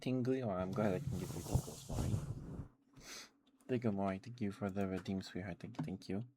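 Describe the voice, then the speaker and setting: A man doing soft-spoken ASMR on a stream, chatting relaxed while eating candy into a close mic. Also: low-pitched, fairly quick, background noise.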